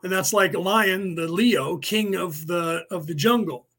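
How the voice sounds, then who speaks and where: In a casual livestream lecture, a podcast host teaches a class, rambling, repeating himself, and spelling words out letter by letter. His voice is high, fairly bright, and measured in pace.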